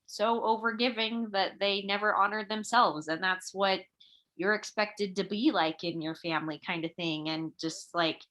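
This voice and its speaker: A woman's voice: mid-range voice, moderate pace, fairly bright tone, rough recording. A young woman shares thoughts in a book discussion over a video call. She speaks in a mid-range voice, hesitant and full of fillers as she works through her ideas. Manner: hesitant, many fillers and restarts. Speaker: book club member. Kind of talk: casual reflective sharing.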